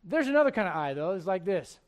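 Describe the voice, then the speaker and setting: A man's voice: high-pitched, very animated, fast talker. A male pastor preaching a sermon with emphatic storytelling and direct questions to the congregation.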